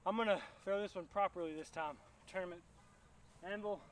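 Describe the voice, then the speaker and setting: A young man, chatting excitably to viewers as he narrates his own disc golf round outdoors. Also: high-pitched, a little fast. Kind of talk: casual play-by-play self-commentary.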